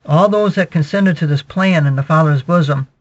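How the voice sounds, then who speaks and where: Male preacher, slightly high voice, steady teaching cadence, repeats "okay" a lot; muffled lo-fi recording. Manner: measured teaching, peppered with "okay" and repetitions. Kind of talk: sermon, verse-by-verse Bible exposition. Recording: dull lo-fi recording.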